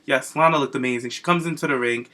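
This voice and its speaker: A man's voice: medium pitch, quick pace, sharp tone. A man co-hosting a casual wrestling podcast, gushing and campy, full of slang. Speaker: podcast co-host.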